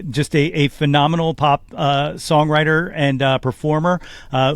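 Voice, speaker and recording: A man's voice: a little high, no room sound. A man who used to DJ, co-hosting a music podcast in casual chat, rambling with many fillers and enthusiastic about songs. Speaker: podcast co-host and former DJ.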